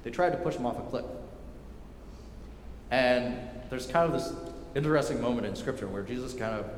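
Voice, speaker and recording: A male pastor preaching a sermon emphatically and with repetition, often dropping to a quiet intensity. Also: mid-range voice, a little fast, slight background noise. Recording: echoey hall with long reverb.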